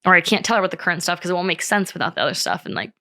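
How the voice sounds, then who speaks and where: Young woman, podcast host, casual solo chat, lowish but very lively pitch, bright tone, candid, swears a lot, filler-heavy. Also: racing.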